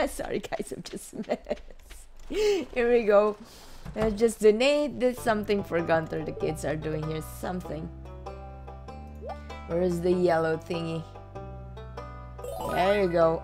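A woman gives easygoing let's-play commentary in a very animated voice that swoops up and down. She takes her time between remarks, exclaims often and gasps at her finds, with faint game music underneath. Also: lowish voice, slow pace, long pauses. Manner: chatty, exclaiming and gasping. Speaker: gaming channel host.

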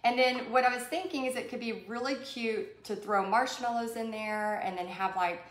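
A woman's voice: on the high side, moderate pace. Chatty Texan woman teaching painting. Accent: Texas. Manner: chatty, rambling, with many fillers and asides to viewers. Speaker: painting instructor. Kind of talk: live-streamed craft tutorial with casual storytelling. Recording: echoey room.

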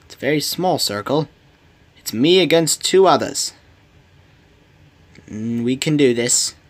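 A man's voice: mid-range voice, lively intonation, a little slow. A man giving solo gameplay commentary, talking to himself in a pleading, playful way. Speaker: gamer.

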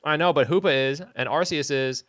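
A young man streaming a game, chatting casually in an excitable, rambling way and slipping into silly voices. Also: a little high, a little fast, no echo, studio quality. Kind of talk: casual gaming stream chat.

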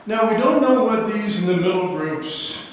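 A man's voice: high voice, expressive, normal speed. A man preaching a sermon, telling a story with dramatic flair in a large church hall. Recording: echoey hall, mic far off.

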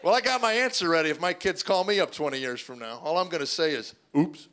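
High-voiced middle-aged comedian, deadpan on stage. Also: male voice, quick pace, smooth. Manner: deadpan storytelling, acts out his kids' voices. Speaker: stand-up comedian. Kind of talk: stand-up comedy routine. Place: stage before a live audience. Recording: live show with audience noise.

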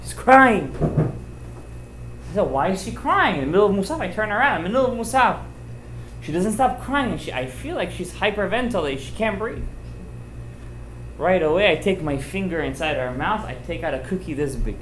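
A man, a rabbi giving an informal sermon, telling stories with emphatic, animated delivery and sprinkling in Hebrew and Yiddish terms. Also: sits high, a little fast, slight background noise. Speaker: rabbi giving a Torah class. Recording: roomy echoey room.

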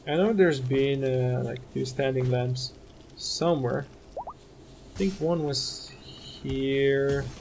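A man's voice: mid-range voice, slow pace, vocal fry, darkish tone, slight background noise. A man giving gameplay commentary as a let's play host, muttering to himself, exasperated and swearing at his desk microphone.

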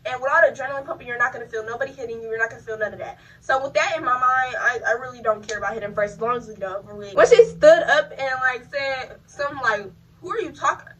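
A young adult woman telling a story casually to her viewers while she does her hair, animated and profane. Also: a little high, racing, few pauses, recorded from a distance, rough recording. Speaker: vlogger.

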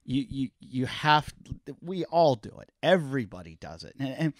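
This male podcast guest speaks at normal speed in a medium-pitched voice, in an echo-free studio-quality recording. He tells stories casually and with animation, swearing freely and impersonating those he quotes.

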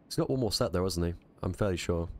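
A deep-voiced man live-streams a naval battle game, muttering quick reactive commentary to himself in a strained voice.

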